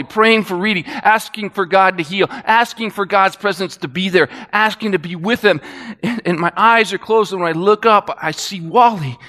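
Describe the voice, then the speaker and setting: A man preaching, telling a story with animated swings from excited to hushed. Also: high-pitched. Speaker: pastor. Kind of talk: sermon storytelling. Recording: long reverb of a large hall.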